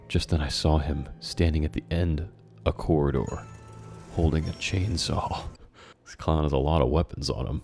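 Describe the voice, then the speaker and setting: Host reading his old story: deep, dark, gravelly voice with wild swings in pitch; faint music underneath. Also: big pitch swings, moderate pace. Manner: sarcastic, amused asides. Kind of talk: dramatic reading with comic commentary. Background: faint background music.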